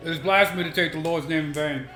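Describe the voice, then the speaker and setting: A man's voice: on the high side, fast talker, reverberant, faint music behind. Joking man streaming a game. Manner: excitable, joking. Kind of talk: live game commentary.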